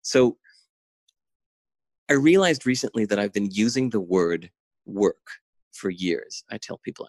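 A middle-aged man with a low, gravelly voice speaks in a casual interview. He talks intensely and in an animated way, full of "like" and restarts. The sound is dry and close. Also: a little slow, pauses often, dry recording. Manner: intense, animated, lots of "like" fillers. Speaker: guest. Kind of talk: casual conversation. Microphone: remote call.

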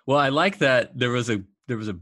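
A man hosting an interview, asking thoughtful questions in a halting way with repeated words. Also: medium pitch, pushed and bright, dry recording, studio quality. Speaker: host.

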